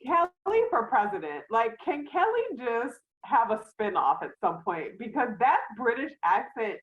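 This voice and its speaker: A woman's voice: fairly high pitch, big pitch swings, a little slow. A woman co-hosting a podcast, chatting in an easygoing, joking way. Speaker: podcast co-host. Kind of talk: casual chat. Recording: tinny phone-like line.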